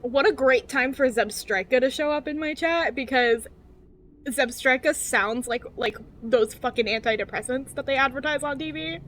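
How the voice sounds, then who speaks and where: Giggly high-voiced woman streamer. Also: moderate pace, a bit bright. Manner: giggly, laughs often; cheery infomercial-style read. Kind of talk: livestream reading a game's text aloud.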